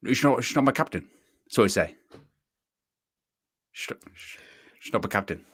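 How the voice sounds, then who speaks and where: Host improvising a defiant football manager, bright tone, no real accent. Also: male voice, mid-range voice, animated, normal speed, slightly rough. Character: male football manager answering a reporter.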